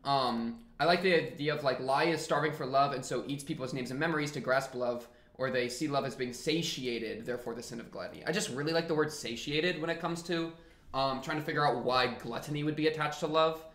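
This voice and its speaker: A man hosting an anime reaction channel, talking casually and rambling between jokey rants and quieter thoughts. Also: mid-range voice, fairly quick, reverberant. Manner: rambling, animated and jokey, then winds down to a quieter reflective tone. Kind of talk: casual commentary to camera.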